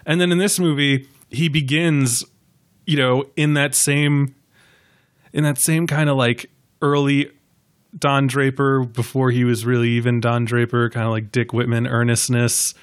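A man's voice: medium pitch, flat delivery, a little slow. A man hosting a podcast, chatting casually about a film, rambling with many fillers and acting out quotes. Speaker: podcast host.

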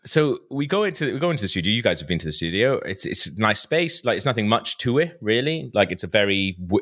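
Brief: podcast host, low voice with a lively, swinging delivery, chatty storyteller. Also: male voice. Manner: animated, lots of fillers and restarts, laughs often. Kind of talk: casual storytelling.

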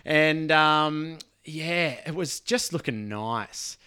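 A man's voice: on the high side, expressive, drawn-out words, sharp tone, clean tone. A man co-hosting a podcast, chatting casually with jokey, rambling banter. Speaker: podcast co-host. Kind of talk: casual chat.

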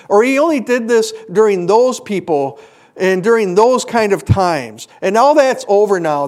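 High-voiced man preaching a sermon. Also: darkish tone. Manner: earnest, rhetorical questions to the congregation.

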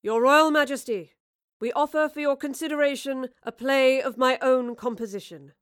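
A woman voicing a calm, reassuring man who leads a troupe of actors. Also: high-pitched, normal speed, pitched above the performer's own voice, lightly acted. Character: calm, steady man leading a theatre troupe.

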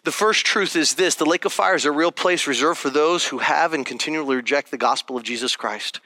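Bright-voiced man preaching a sermon. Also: a little high, fairly quick, no room sound. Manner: conversational and emphatic, checking in with "okay?". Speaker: pastor.

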